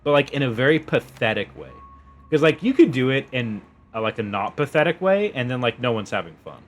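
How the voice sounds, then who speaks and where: A young male streamer chats casually to his viewers while playing a story game. He is giggly and playful, and his voice swings widely in pitch around a middle register. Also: animated, brisk, slight background noise. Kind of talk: casual live-stream chat.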